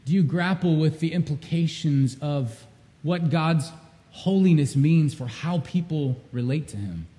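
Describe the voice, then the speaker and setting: A male pastor preaching a sermon with earnest emphasis, swinging from loud repeated cries down to low, intimate questions. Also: unhurried, big-room sound.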